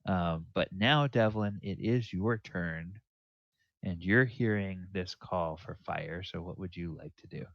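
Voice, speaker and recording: Male game master, very low, unhurried delivery, dry dull lo-fi sound. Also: dry recording. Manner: halting, many fillers and restarts, musing aloud. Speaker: dungeon master. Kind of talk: narrating a tabletop game.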